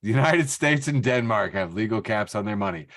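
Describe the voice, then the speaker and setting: A man hosting a casual podcast, reading social media posts aloud and laughing between jokes. His pitch swings widely as he talks, and the sound is close and dry with no room echo. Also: animated, brisk, fairly bright tone. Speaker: podcast host. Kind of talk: casual chat.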